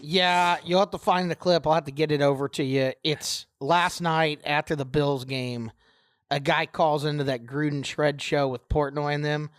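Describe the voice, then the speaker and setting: A man co-hosting a casual sports podcast, animated and swearing freely. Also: fairly high pitch, moderate pace, clear, resonant tone, no room sound, clean studio sound. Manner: animated, retells stories in other voices, swears. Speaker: podcast co-host.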